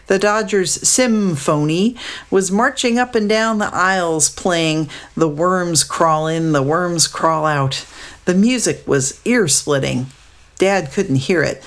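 A woman narrating a storybook aloud in a steady, descriptive way. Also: low-pitched.

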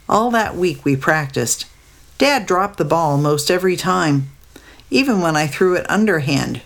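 A woman narrating a storybook aloud in a steady, descriptive way. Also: fairly low pitch, measured pace.

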